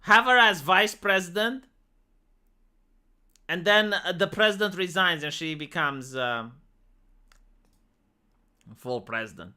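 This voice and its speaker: Woman ranting on stream, swears a lot, stumbles n restarts, bright sharp voice. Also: fairly low pitch, slow, long pauses, smooth. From Romania. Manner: profane, exasperated, many restarts and fillers. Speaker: livestreamer. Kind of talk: casual livestream rant.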